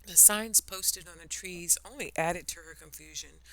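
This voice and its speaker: A woman narrating a children's story in an expressive storytelling style. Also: fairly low pitch, moderate pace, creaky.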